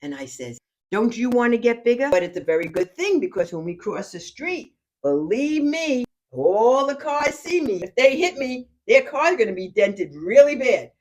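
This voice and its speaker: This older woman's voice is fairly high, her pace moderate, with few pauses. A grandmother guesting on a podcast, she chats at home in a casual way, bragging through funny stories and laughing a lot.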